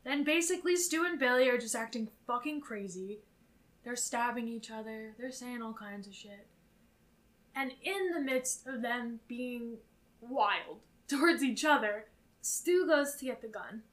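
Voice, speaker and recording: Brief: young woman podcast co-host, fairly high and bright, animated and foul-mouthed. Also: a little slow. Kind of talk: casual chat recapping a film.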